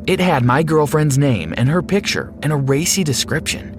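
A young adult man narrating a scripted first-person story in a steady, even way. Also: a little high, normal speed, few pauses, background noise.

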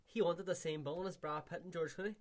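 A man co-hosting a casual film podcast, jumping in quickly and swearing. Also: fairly high pitch, steady tone. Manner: quick, interrupting, profane. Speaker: podcast co-host.

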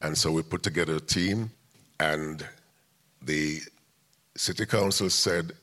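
Deep-voiced older man telling stories. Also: measured pace, pushed and bright. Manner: recounts events step by step, acting out quoted dialogue. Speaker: music promoter and interview guest. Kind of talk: long anecdotal storytelling.

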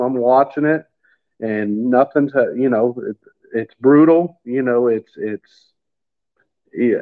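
A man in middle age telling his faith story in casual chat, halting and repeating words as he gets emotional. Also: mid-range voice. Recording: phone-line sound.

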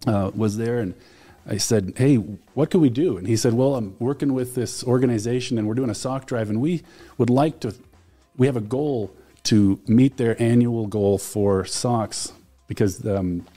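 A man's voice: medium pitch, normal speed, warm tone, soft background music. A man talking as a studio guest, telling stories with enthusiasm and frequent fillers. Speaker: alumni relations director, guest. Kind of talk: casual studio conversation. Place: radio studio.

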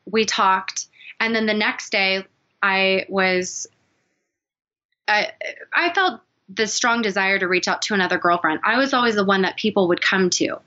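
A woman's voice: medium pitch, a little slow, pushed and bright, highs cut off. A woman guest telling a personal story in an earnest, confiding, emotional way. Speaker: podcast guest.

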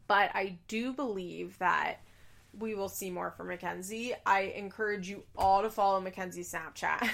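A woman's voice: mid-range voice, gravelly, fairly bright tone. Young woman, mid-range voice, for a casual opinionated recap: blunt, exasperated, swears freely. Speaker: reality TV recapper.

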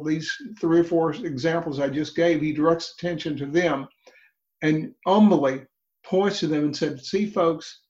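A man's voice: on the high side, darkish tone, dull audio. A man in a Bible study group, earnestly explaining a Gospel passage with frequent restarts.

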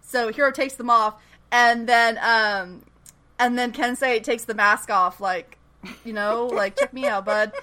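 A woman with a slightly high voice talks slowly while co-hosting a laid-back podcast recap of a TV episode. Lively and quick to laugh, she acts out what the characters say in playful voices.

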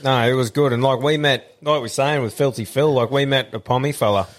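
A man's voice: mid-range voice, steady tone, a little fast. A young Australian man from Central Queensland, hosting a podcast and telling anecdotes in a casual, swearing, storytelling way. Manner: swears freely, acts out other people in anecdotes. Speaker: podcast host.

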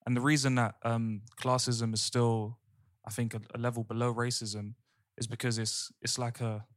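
A man co-hosting a casual podcast chat, an animated storyteller who swears freely. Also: medium pitch, normal speed. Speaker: podcast co-host.

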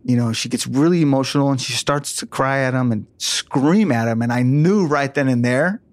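A man telling a police story for a podcast, slipping into voices for the people involved. His delivery is lively and casual. The recording is close and dry, with no room sound. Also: medium pitch, moderate pace, dry recording. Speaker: former police detective recounting a case.

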